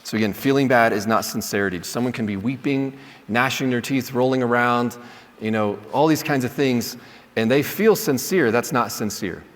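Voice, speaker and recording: A man's voice: mid-range voice, moderate pace. Man teaching in a reverberant hall. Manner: conversational, checks in with "right?", acts out sample apologies. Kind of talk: classroom teaching talk. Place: lecture hall.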